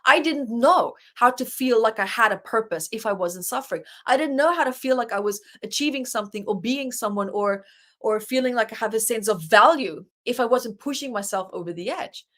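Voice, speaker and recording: A woman's voice: on the high side, expressive, a little fast, a bit bright. A woman guest, an author and life coach, earnestly telling a personal story in an interview and acting out her own inner dialogue.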